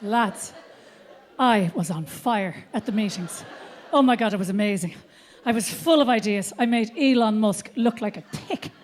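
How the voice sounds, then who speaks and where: A middle-aged Irish woman performing a stand-up comedy routine on stage, an animated storyteller who swears freely. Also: medium pitch, normal speed, a little hiss or hum. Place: theatre stage before a live audience.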